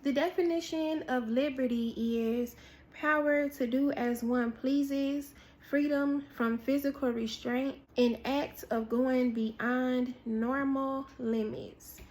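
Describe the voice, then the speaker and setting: Female preacher, high voice, unhurried sermon delivery, dramatic repetition. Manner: animated storytelling with acted-out quotes, repetition for emphasis. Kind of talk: prophetic word, sermon-style.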